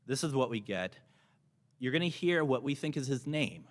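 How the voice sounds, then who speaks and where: Speaking at normal speed in an animated, mid-range voice, a man presents casually as a paranormal investigator on a convention panel. He's talkative and eager, frequently restarting sentences, using a microphone set before him in a noisy room recording with clicks.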